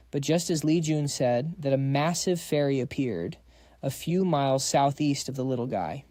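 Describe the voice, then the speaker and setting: A man's voice: medium pitch, moderate pace, dark tone, no room sound. A man narrating a comic recap in a casual, slangy storytelling voice, reading every part himself.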